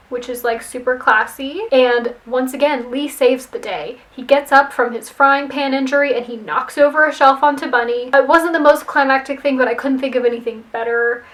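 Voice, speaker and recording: A woman's voice: high voice, a bit bright, poor audio. A woman casually retelling a movie plot she rewrote, chatty and playful with wry asides. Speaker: screenwriter rewriting a movie plot. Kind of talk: casual storytelling recap.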